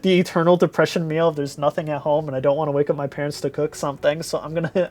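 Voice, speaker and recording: A man's voice: a little high, level tone, fast, few pauses, a little mellow, a little hiss or hum. Tired, rambling young male streamer. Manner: rambling, giggly, repeats words playfully. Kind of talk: casual chat with viewers.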